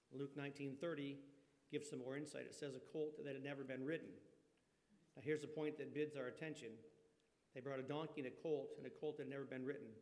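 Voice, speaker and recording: Folksy preacher man in a reverberant church. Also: fairly high pitch. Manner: folksy, asks the congregation questions. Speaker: pastor. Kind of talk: conversational sermon. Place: church sanctuary. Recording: long reverb of a church hall.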